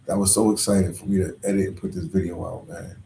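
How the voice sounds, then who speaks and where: A man's voice: low-pitched, level tone, fast talker, gravelly, dark tone, roomy sound, a little hiss or hum. A man talking to viewers on a casual live stream, slangy and rambling. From Philadelphia. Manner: slangy and rambling, full of "like" and "you know". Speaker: travel vlogger on a live stream.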